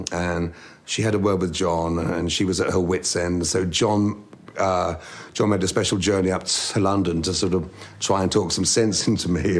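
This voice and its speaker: Deep, gravelly man reminiscing fondly. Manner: relaxed, fond storytelling with fillers. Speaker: interviewee. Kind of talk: reminiscing interview.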